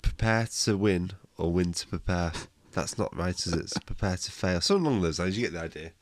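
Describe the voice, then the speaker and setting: A man's voice: low voice, animated, fairly quick, a little hiss or hum. A man hosting a music podcast, leading casual chat with teasing, jokey banter. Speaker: podcast host.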